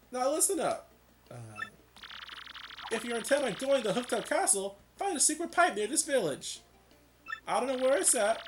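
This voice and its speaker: A man doing a high, chirpy old turtle mayor. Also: noisy background, natural voice. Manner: high, lively, rambling. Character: old male turtle village mayor, kindly. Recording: game music playing behind.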